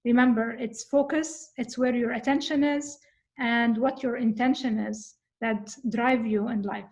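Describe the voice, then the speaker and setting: A woman in casual conversation, talking earnestly and thoughtfully, often pausing on fillers. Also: on the high side, steady tone, creaky, a little mellow. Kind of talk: casual conversation about coping with anxiety.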